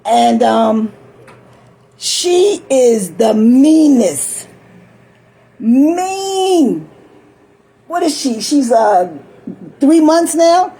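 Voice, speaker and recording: A woman's voice: sits high, sing-song, drawn-out words, pauses often, mellow, low-quality recording. An older woman talking in a rambling, chatty monologue, often laughing and acting out little voices. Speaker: vlogger.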